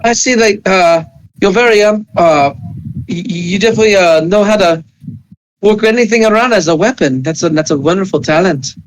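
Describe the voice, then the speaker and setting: Man playing bloodthirsty girl spirit in a bottle, high voice, polite but gory, put-on accent. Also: fairly quick, lightly acted, rough recording. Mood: gleeful, gory. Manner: formal and gleefully morbid.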